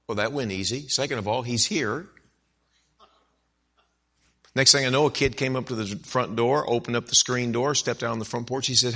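A male preacher tells a personal story from the pulpit with a bright, forceful voice. He acts out each side of the dialogue, and his voice climbs high for emphasis before dropping back to a plain telling tone. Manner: animated storyteller who acts out dialogue, rising to emphatic peaks. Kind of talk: sermon storytelling.

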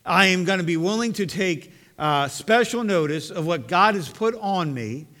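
A man's voice: high-pitched, expressive, normal speed, bright, forceful tone. A man preaching a sermon in an earnest, conversational way, often restarting his phrases. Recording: long hall reverb.

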